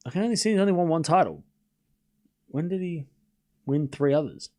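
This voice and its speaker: Lively man hosting a tennis watchalong. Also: a little high, fairly quick. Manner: animated, joking, reads scores aloud while chatting with viewers. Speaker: livestream tennis watchalong host. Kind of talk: casual live commentary chat.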